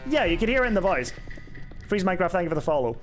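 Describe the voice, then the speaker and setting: A man's voice: high voice, sing-song, rapid-fire, soft background music. A young man streaming a game, chatting casually and answering chat with sarcasm and swearing. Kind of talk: casual live-stream chat while gaming.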